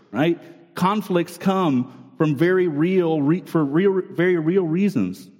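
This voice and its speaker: This sermon comes from a pastor, a man in his thirties or forties, whose slightly high voice has a somewhat mellow quality. He talks in an earnest, conversational way, often starting over and repeating words, with long hall reverb around him.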